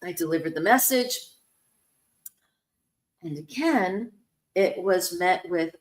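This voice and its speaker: A woman hosting a spiritual talk show, telling a story warmly and acting out the voices in it. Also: on the low side, slow pace, long pauses, reverberant. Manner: animated storyteller, acts out quoted voices. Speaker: host, spiritual medium.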